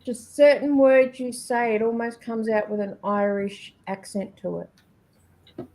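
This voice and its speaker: A woman co-hosts a livestream and chats in a curious, easygoing way. Her voice sits a little higher than most. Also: steady tone, slow pace, mellow. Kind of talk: casual chat on a livestream.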